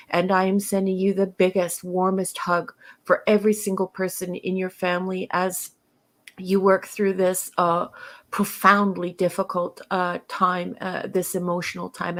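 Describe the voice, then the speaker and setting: A woman co-hosting a casual live stream, speaking earnestly with many pauses and fillers. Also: lowish voice. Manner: earnest, hesitant, lots of fillers. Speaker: co-host.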